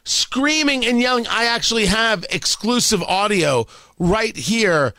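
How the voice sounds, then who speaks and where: Emphatic male radio host, lively pitch. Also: a little slow, no room sound. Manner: emphatic, sarcastic, repeats phrases for effect. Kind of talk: opinion monologue.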